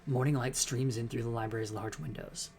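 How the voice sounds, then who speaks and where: A man streams a narrative game, reading the narration aloud at a middling pitch with a relaxed, amused ease. A faint hiss runs under the recording. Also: a little fast, gravelly.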